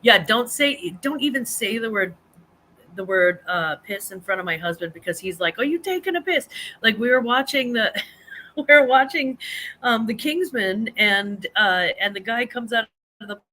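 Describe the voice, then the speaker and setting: A woman's voice: mid-range voice, normal speed, bright, forceful tone. A middle-aged woman hosting a casual live chat stream from home, rambling and reading comments, laughing often and restarting her sentences.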